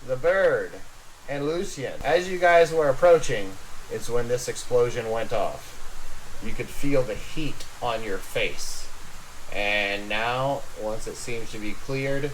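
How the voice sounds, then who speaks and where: A man's voice: medium pitch, slow, slight background noise, low-quality recording. A man acting as game master, setting scenes in a tabletop role-playing game with dramatic narration.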